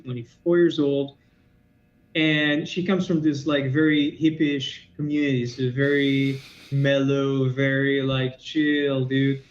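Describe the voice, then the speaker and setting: A man, a martial arts teacher, explaining ideas and telling stories quickly as a podcast guest over a remote call. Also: on the high side, a little mellow. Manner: quick, explanatory, storytelling with asides. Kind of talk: podcast interview. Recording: echoey, dull lo-fi sound.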